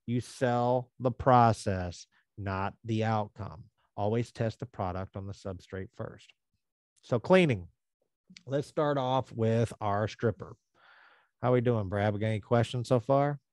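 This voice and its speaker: A man's voice: on the low side, a little slow, a little mellow, dry recording. Conversational man teaching contractors. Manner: conversational, acts out customer quotes. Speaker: sealing trainer for contractors. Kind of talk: live training presentation.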